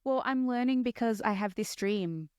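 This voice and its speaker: A woman's voice: a little high, moderate pace, a little mellow, clear, resonant tone, no room sound. Woman chatting casually on a dry mic. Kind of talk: casual podcast chat.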